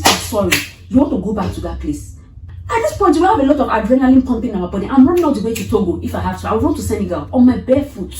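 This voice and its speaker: A young woman retelling a thriller movie in a casual, animated rant, exclaiming, swearing and talking back at the characters. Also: medium pitch, fast talker, a little hiss or hum. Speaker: movie reviewer. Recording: echoey room, from far off, music behind.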